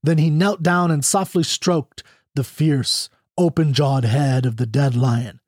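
A man narrating a classic short story in a measured, expressive audiobook reading. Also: fairly high pitch, no echo, studio quality.

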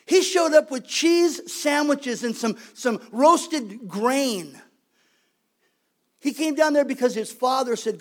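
A man's voice: very high-pitched, expressive, unhurried. A man preaching a sermon as pastor, conversational and emphatic, repeating his points for weight.

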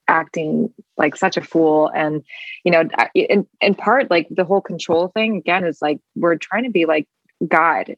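A woman's voice: low-pitched, vocal fry, no room sound, lo-fi sound. A young woman in casual, earnest talk about her faith over a video call, rambling with many fillers and getting emotional. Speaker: guest.

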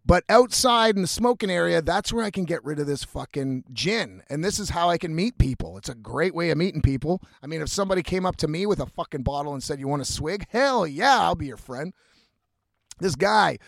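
A man's voice: a little high, expressive, a little fast, gravelly, dry recording. A man telling a rambling, profane story in a casual way, speaking as the host of his own show. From Canada.

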